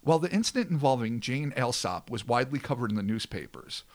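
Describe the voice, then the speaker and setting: A man's voice: medium pitch, expressive, fast talker. A man hosting a podcast, reading a scripted history segment with dramatic flair between crude joking banter. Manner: dramatic narration with swearing banter.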